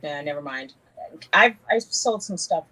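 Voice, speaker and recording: A woman's voice: low voice, lively intonation, a little slow, bright, forceful tone, slightly rough, low-quality recording. A woman from New York with a New York accent, co-hosting a casual live-stream chat and telling stories between laughs. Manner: chatty, laughs often, tells stories. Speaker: co-host.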